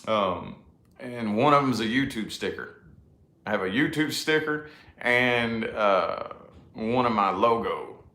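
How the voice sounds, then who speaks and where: A man vlogs in a casual, rambling monologue, swearing freely and often laughing at himself. His lowish voice is bright and forceful, animated but a little slow, and the room sounds echoey.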